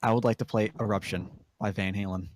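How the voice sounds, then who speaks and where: A man's voice: on the low side, steady tone, a little fast, a little hiss or hum. A man playing in a tabletop game, hesitantly describing what his character does. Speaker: player. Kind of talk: casual tabletop play.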